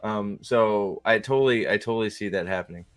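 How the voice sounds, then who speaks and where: A man's voice: lowish voice, a little fast, clean tone, soft background music. A man hosting a podcast in a rambling, mocking, comedic rant. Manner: rambling, mocking, with frequent restarts. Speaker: podcast host.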